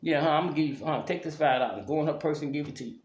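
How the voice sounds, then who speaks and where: A man's voice: fairly high pitch, very fast, lightly acted. A man mimicking a bossy woman who brags to her girlfriends, in an echoey room. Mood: boastful. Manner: boastful, mocking.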